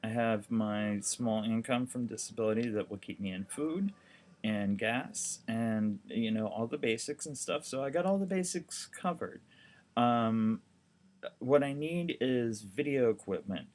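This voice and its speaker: A man's voice: medium pitch, animated, measured pace, darkish tone. A man talking casually to the camera about his documentary crowdfunding campaign, rambling and candid, with lots of fillers and a wry edge.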